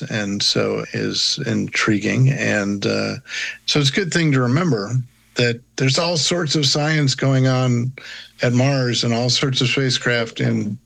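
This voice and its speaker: A man co-hosting a casual space science podcast, playful and a bit halting, with fillers. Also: mid-range voice, creaky, a bit bright.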